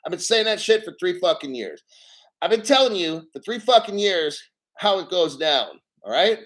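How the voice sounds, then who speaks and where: A man's voice: sits high, big pitch swings, normal speed, fairly bright tone. A man hosting a casual crypto livestream, rambling and swearing as he reads out viewer names and chat.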